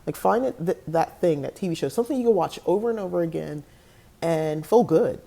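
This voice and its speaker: Chatty low-voiced woman host. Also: animated, brisk, vocal fry, mellow. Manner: chatty, laughs often, goes on tangents. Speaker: podcast host. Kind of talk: casual talk to camera.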